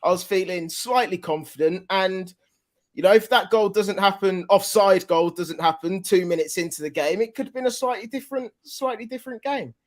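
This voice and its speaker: A man's voice: high-pitched, moderate pace. A man on a football podcast candidly explaining his team's struggles. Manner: candid, frustrated. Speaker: podcast panelist. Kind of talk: casual football podcast chat.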